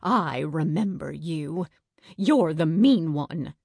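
A woman voicing a sharp-tongued, sickly old great-aunt who scolds and bosses the children in a storybook reading. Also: low voice, lively intonation, takes it slowly, vocal fry, husky, dry recording, studio quality, full character voice. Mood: sour. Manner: scolding, bossy.

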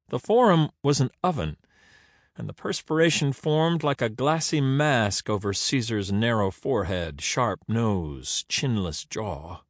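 A man narrating an audiobook in an expressive, dramatic reading. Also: medium pitch, a little slow, dry recording, clean studio sound.

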